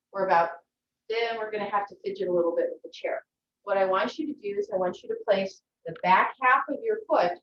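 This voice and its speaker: A woman teaching a yoga class from home, giving gentle, encouraging instructions. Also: medium pitch, a little hiss or hum. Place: her home. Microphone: video call from a distance. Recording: echoey, distant, dull video-call audio.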